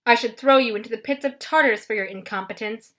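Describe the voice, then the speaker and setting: Brief: woman playing a stern, booming male villain general for an audiobook, with a bright, forceful edge. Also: quick pace, close to an everyday voice. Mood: commanding. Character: menacing male general, commanding and brutal.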